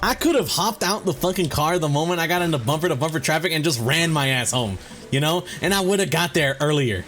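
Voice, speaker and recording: A young man rants straight to his viewers, exasperated, swearing and slangy. His voice sits a little high and jumps around with lively ups and downs. Faint music plays underneath. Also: a little fast. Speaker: vlogger. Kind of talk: casual ranting monologue.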